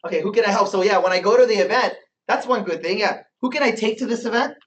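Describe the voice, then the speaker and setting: A man's voice: high voice, quick pace. A man leads a motivational business training session in front of a live group. He talks with energy, keeps asking the room questions, and repeats points for emphasis. The sound echoes around the room, and the mic sits some distance from him. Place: meeting room with a live audience.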